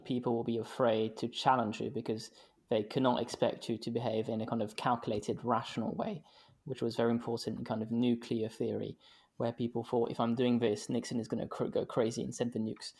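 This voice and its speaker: Measured male panel moderator. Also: mid-range voice, level tone, vocal fry, slightly rough. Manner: measured, explanatory questioning. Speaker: host, moderator.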